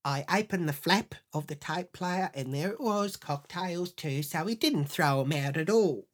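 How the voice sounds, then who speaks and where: A woman with a notably low voice tells a comic story for her podcast. She is crude and profane and sounds thoroughly indignant. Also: lively intonation, measured pace. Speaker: podcast host. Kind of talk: comedic storytelling monologue.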